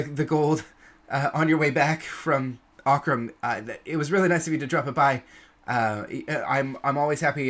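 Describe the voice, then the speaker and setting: A man's voice: medium pitch, fairly bright tone, close to an everyday voice. A man voicing a flustered young male knight in a tabletop game, stammering and tripping over his words. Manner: stammering, rushed, anxious.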